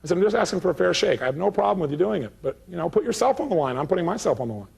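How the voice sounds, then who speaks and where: Racing through a story at a live motivational seminar, a man energetically acts out both sides of the exchange. His voice is high and creaky, with slight background noise.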